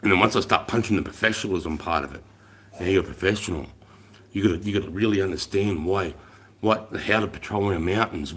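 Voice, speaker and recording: Aussie bloke swearing nonstop on a livestream, lowish voice, gets fired up telling stories. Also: male voice, a little hiss or hum. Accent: Australian. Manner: profane, animated storytelling, swears constantly. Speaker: livestream host, army veteran. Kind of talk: casual livestream chat.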